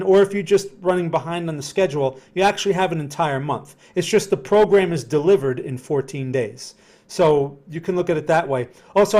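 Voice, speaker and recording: A man hosting a live trading stream, speaking slowly and conversationally, repeating words and answering chat comments. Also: fairly high pitch, a little mellow. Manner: conversational, repeats himself, reads chat aloud; slow, deliberate delivery. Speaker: trading educator. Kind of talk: live-stream market analysis.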